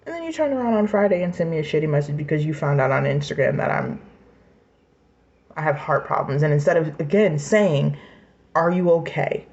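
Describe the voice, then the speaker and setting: A woman's voice: sits low, expressive, a little fast, darkish tone, highs cut off. A woman in her twenties venting in an emotional personal rant, angry, raw and profane, sometimes dropping to a whisper. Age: 20s. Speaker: vlogger.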